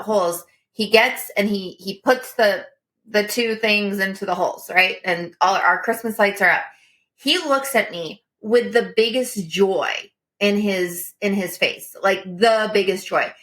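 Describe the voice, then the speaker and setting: A woman in her thirties co-hosting a coaching podcast, telling stories in an earnest, lively way. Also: mid-range voice. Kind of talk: casual coaching talk.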